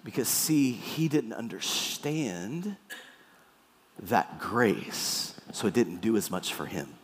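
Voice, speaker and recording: A man preaching a sermon with playful, animated storytelling in a church hall. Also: fairly low pitch, takes it slowly, slight background noise. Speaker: pastor. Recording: echoey hall.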